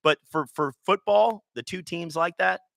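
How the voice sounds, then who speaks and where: A man's voice: high voice, moderate pace, creaky, a bit bright, no room sound. A man hosting a casual sports talk show, rambling and joking with plenty of restarts. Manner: rambling, jokey, with lots of restarts.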